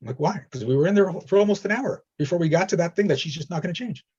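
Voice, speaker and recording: Guy coaching over a video call, husky voice, kinda muffled audio, straight-talking. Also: high voice, animated, rapid-fire, darkish tone. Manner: direct, reassuring, retells stories with quoted voices. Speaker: energy healing coach. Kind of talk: coaching session.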